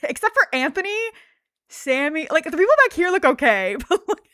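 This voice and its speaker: A woman streamer chatting casually and telling an animated story, laughing often and peppering her talk with fillers. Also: high-pitched, a little fast, no echo. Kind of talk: casual livestream chat.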